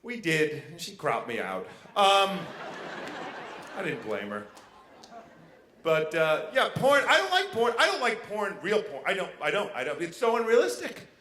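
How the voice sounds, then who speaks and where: Bright-voiced male stand-up comic. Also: sits high, unhurried. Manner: animated, swings into loud mock outrage. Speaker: stand-up comedian. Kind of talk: stand-up set. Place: live comedy venue. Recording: roomy live venue with faint noise.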